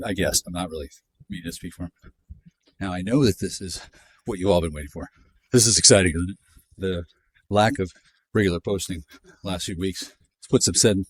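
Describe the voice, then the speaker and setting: Low-voiced man in his fifties, sardonic profane vlogger on a walk, jumpy delivery. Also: fairly bright tone, no echo. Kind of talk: rambling monologue while walking. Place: outdoors in a neighborhood.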